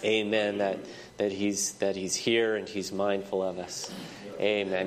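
A man with a somewhat low voice preaches a church sermon, his head audibly congested. He punctuates almost every phrase with amen and often restarts his sentences before pressing on. He speaks into a microphone in the sanctuary. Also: flat delivery, a little slow, a crowd in the background.

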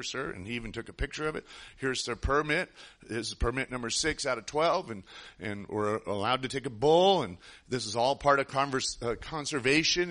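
A man's voice: mid-range voice, fairly bright tone. A man preaching a sermon, telling a personal story in an earnest, rambling way with frequent restarts.

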